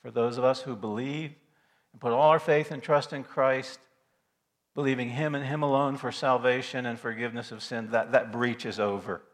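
A man preaching a sermon in a church, earnest and emphatic, repeating phrases and dropping from loud to hushed. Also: mid-range voice, fairly even intonation, normal speed. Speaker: pastor.

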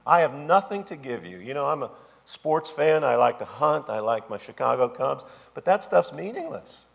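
A man's voice: medium pitch, very animated, normal speed, creaky. A man preaching a sermon as pastor, with an emphatic, repetitive cadence. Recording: long hall reverb.

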